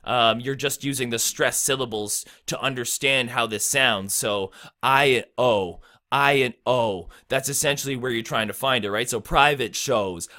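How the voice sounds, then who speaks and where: A man giving a casual lesson on rap rhyme schemes, explaining in a relaxed way and dropping quick rap bars as examples. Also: medium pitch. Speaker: rap teacher.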